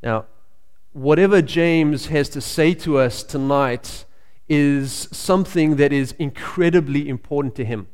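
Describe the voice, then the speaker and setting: A male pastor preaching a sermon in a conversational storytelling way, pausing with frequent fillers. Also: on the high side, darkish tone, smooth. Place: church sanctuary. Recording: long reverb of a church hall.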